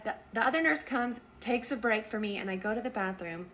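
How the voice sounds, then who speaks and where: A young woman, a nurse, telling a story casually and acting out the dialogue with lively swings in her voice. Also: brisk, a little hiss or hum. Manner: animated, acts out quoted dialogue with big pitch jumps.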